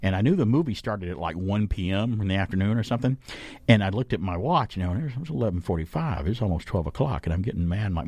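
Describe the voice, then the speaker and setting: A man's voice: lowish voice, lively intonation, quick pace, darkish tone, husky, no echo. A middle-aged man from Alabama hosting a casual talk radio show, telling stories and acting out quoted voices.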